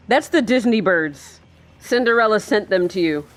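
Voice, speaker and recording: A woman's voice: mid-range voice, expressive, unhurried. A woman giving casual live commentary while watching a film from her chair, chatty and sarcastic, swearing and laughing a lot. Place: indoors, seated in a chair.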